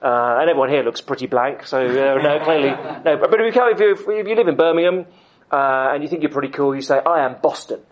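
A middle-aged man preaching a sermon, emphatic, with dramatic pauses. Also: a little high, lively intonation, muffled recording. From United Kingdom.

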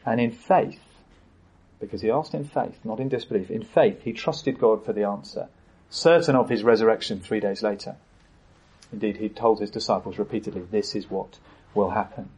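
A man's voice: on the low side, normal speed, darkish tone, husky, low-quality recording. A man, a church pastor preaching an earnest sermon with frequent hesitations and fillers.

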